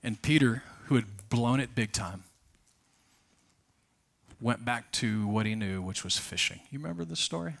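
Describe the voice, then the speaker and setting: A pastor preaches a sermon at a church service, telling stories emphatically and swinging between loud and soft. His voice is medium-pitched and gravelly, with lively intonation, normal speed, and frequent pauses.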